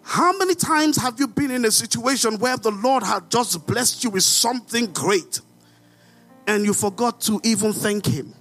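Brief: Nigerian pastor, high voice, animated sermon with rhetorical questions and outbursts, faint music under. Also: male voice, moderate pace. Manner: animated preaching, rhetorical questions, sudden shouts.

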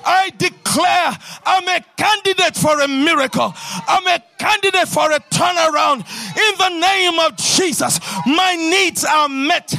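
A man preaching a fervent sermon in church, swinging between loud shouted declarations and quieter talk. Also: very high-pitched, unhurried, creaky, hardly any pauses. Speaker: pastor.

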